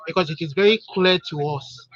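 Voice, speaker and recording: Guy calling in all fired up, high bright voice, keeps stumbling on words, muffled line. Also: fairly quick. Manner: impassioned, repeats words when stuck. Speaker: caller. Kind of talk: heated call-in commentary. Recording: dull lo-fi call audio.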